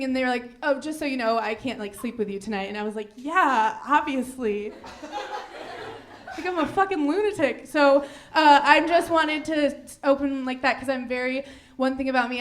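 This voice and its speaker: A woman's voice: high voice, slight background noise. A woman comedian telling a rambling, self-mocking story on stage, often breaking into giggles. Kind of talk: live storytelling stand-up.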